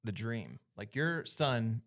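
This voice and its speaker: A man in his thirties hosts a relaxed church podcast conversation. He is chatty and teasing, and he laughs easily. His pitch sits at an ordinary middle level for a man. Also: slow. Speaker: podcast host. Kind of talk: casual chat.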